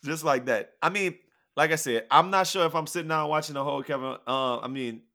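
A man from Shreveport, Louisiana co-hosts a podcast, joking and chatting casually in a laid-back way. His voice is a little high, bright, and forceful, and he talks briskly.

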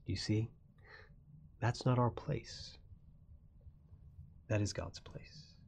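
A man preaching a sermon who moves between quiet, dropping phrases and loud, emphatic lines. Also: extremely slow, vocal fry, slight background noise. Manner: swings from soft, low asides to loud, rising emphasis. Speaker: pastor.

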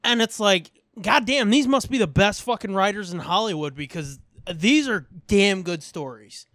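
A man's voice: high-pitched, normal speed, a bit bright, no room sound. A man co-hosting a podcast in casual chat, swearing freely, rambling through stories and laughing often. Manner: profane, rambling, laughs a lot. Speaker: podcast co-host.

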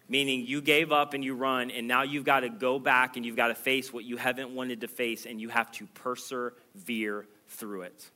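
A man preaching a sermon with a bright, forceful tone. His delivery is earnest and emphatic, often rising in pitch and volume as he drives home a point. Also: flat delivery, normal speed, hardly any pauses. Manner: earnest, emphatic preaching that swells louder and higher. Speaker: pastor.

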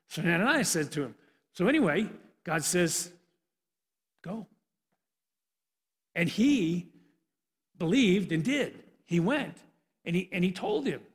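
A male preacher with a notably high voice tells the story with animated energy. He often restarts his sentences. The sound has a long reverb from the church hall. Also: measured pace. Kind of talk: sermon.

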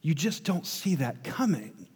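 Preaching a sermon, a pastor uses a fairly high, slightly rough, sing-song voice at a measured pace, dropping to hushed asides and then climbing into emphatic runs. The long reverb of a large hall surrounds him.

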